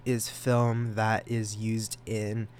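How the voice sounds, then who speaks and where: A teenage boy hosting his own podcast, rambling and self-deprecating, giggling and jumping into sudden high silly voices. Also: monotone, extremely slow, darkish tone, a little hiss or hum. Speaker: podcast host.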